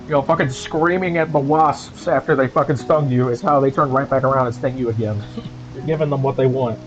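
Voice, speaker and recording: A man's voice: medium pitch, brisk, dull audio, music in the background. Angry profane man ranting on stream.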